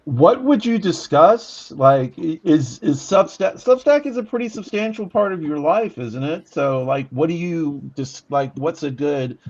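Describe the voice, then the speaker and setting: A man's voice: fairly high pitch, expressive, a little slow, hardly any pauses, darkish tone. A man in casual chat, asking questions and laughing easily, heard on a dull, lo-fi line. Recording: dull lo-fi sound.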